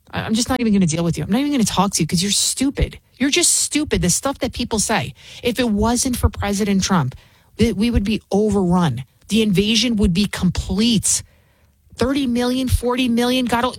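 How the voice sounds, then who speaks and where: A woman's voice: a little high, dry recording. A woman filling in as a talk radio host, speaking bluntly and scornfully, rambling with frequent restarts. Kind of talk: opinionated talk radio monologue.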